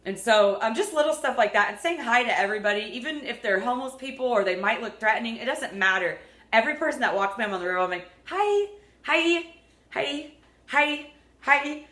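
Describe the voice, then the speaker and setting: A woman's voice: a little high, quick pace, pushed and bright. A woman in her thirties talking casually to her vlog audience, rambling, upbeat and earnest. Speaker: vlogger. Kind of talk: unedited casual vlog talk. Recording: echoey room.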